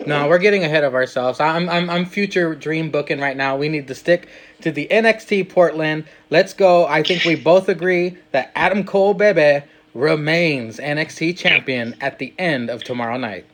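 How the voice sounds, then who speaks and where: A man's voice: on the high side, moderate pace, few pauses, a bit bright. A man hosting a casual podcast, teasing his guest and posing questions. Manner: playful, teasing, asks questions. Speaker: podcast host.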